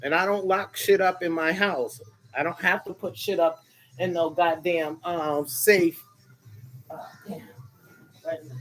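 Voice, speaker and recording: A man streams from his bed into a phone, rambling and cursing in annoyance while calling his viewers sweetheart. His voice sits a little high for a man. Faint music plays somewhere else in the house. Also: fairly even intonation, unhurried, fairly bright tone, poor audio. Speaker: live streamer chatting with viewers. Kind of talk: casual rambling live stream. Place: in bed at home under a cover. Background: faint music from another room.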